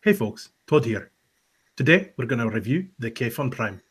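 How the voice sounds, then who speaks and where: A man impersonating a soft-spoken male vape reviewer, talking in a hushed, mild product-review patter. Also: mid-range voice, expressive, normal speed, breathy edge, pitched below the performer's own voice.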